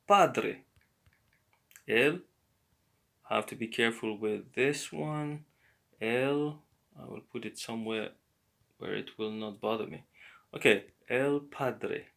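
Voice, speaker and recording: A man giving a slow, patient beginner language lesson, explaining words one by one. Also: mid-range voice, vocal fry, fairly bright tone. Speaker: language teacher.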